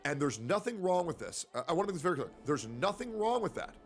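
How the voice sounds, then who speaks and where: Emphatic man lecturing, lively pitch. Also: fast, soft background music. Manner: emphatic, lecturing, repeats points for stress. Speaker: streamer commentator. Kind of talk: monologue commentary.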